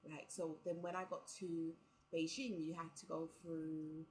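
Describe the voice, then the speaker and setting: A young woman recounting a trip in a loose, chatty vlog, her voice sitting a little low. She leans on "like" and acts out what people said. A faint hiss stays under the recording. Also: level tone, a little slow, a little mellow, low-quality recording. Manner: chatty, full of "like" and quoted dialogue. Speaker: vlogger. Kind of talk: casual storytelling vlog.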